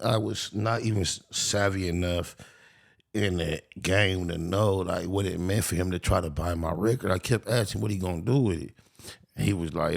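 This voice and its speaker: A man's voice: deep voice, gravelly. A man giving casual, profane reaction commentary, often swearing on his mama. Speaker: reaction host.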